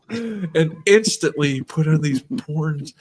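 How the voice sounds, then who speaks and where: A man's voice: fairly high pitch, slightly rough. A man hosting a casual stream, telling a long funny story and laughing often. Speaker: streamer host.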